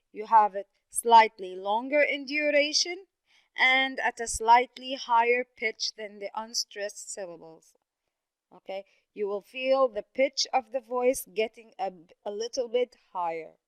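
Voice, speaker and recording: A woman teaching an English pronunciation lesson, speaking slowly and repeating words with careful stress. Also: fairly high pitch, clean tone, no room sound.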